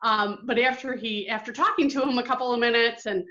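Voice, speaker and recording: A woman from Michigan, calling in to a podcast and telling a story in a casual, excited way, with halting restarts. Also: on the high side, highs cut off. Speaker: caller sharing a memory.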